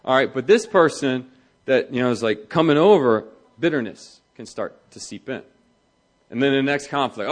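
Animated male pastor preaching. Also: mid-range voice, moderate pace. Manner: animated, conversational, acts out quoted voices. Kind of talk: sermon on marriage.

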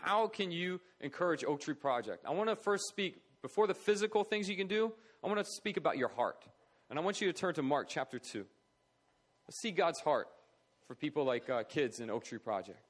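A man's voice: a little high, animated, fairly quick. A man preaching a sermon in an earnest, conversational way, with fillers and restarts. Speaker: preacher for an orphan charity.

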